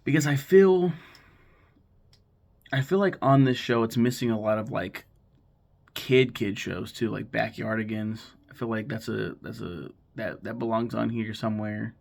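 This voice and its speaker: A man's voice: on the low side, steady tone, creaky. A man in his thirties talking casually to camera, rambling and swearing as he retells plots and acts out lines. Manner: swears freely, rambles, acts out characters' lines in quick voices. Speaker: YouTuber ranking favorite cartoons.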